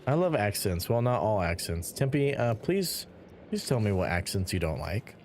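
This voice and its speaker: Animated young male streamer chatting. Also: lowish voice, normal speed, slight background noise. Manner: animated, reads and answers chat aloud, jokey. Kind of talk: casual livestream chat while gaming.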